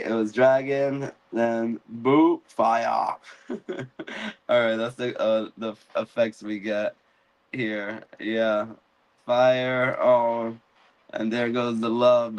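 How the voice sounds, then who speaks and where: Male host, mid pitch, casual and animated recap, acts out quotes. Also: slow pace, lo-fi sound. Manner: animated, acts out characters' lines. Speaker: podcast host. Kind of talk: casual live-stream episode recap.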